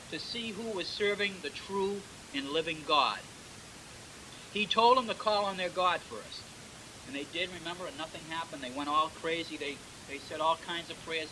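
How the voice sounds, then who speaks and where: A man delivers a sermon with a bright, sharp edge to his voice and a slightly high-pitched delivery. He punctuates his points with amens and praise interjections, emphatic throughout. A faint hiss sits under the recording. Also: poor audio. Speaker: preacher.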